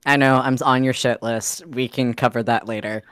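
A woman's voice: a bass voice, steady tone, normal speed, smooth, no echo. A woman gamer in casual chat, blunt and swearing often.

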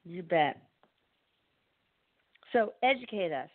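A woman's voice: lowish voice, expressive, slow, dry recording. A woman hosting a show, introducing her guest in a gushing, chatty and playful way. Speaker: show host. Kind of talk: enthusiastic casual introduction. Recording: dry, tinny phone-like line.

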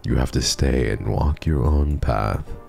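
A man's voice: extremely low pitch, unhurried, creaky, a little mellow, faint music behind, full character voice. A man doing a soothing ghost aunt. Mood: tender. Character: gentle ghostly aunt consoling a girl.

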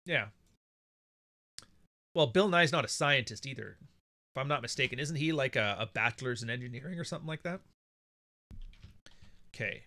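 A man's voice: medium pitch, bright, forceful tone, dry recording, studio quality. A Canadian man hosting a casual livestream, talking in a blunt, profane, rambling way. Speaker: podcast host.

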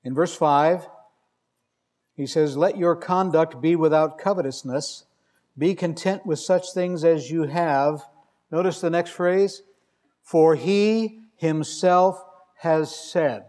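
Male preacher, sermon, fairly high voice, wry conversational delivery, emphatic scripture reading. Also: slow pace, darkish tone.

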